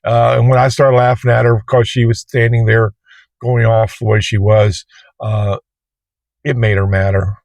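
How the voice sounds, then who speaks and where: A man's voice: medium pitch, flat delivery, normal speed, a little mellow, no echo. Plain-spoken man telling a story from his car. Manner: plain-spoken, colloquial, rambling. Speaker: Uber driver and vlogger. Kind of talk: casual storytelling to camera. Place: inside a parked car.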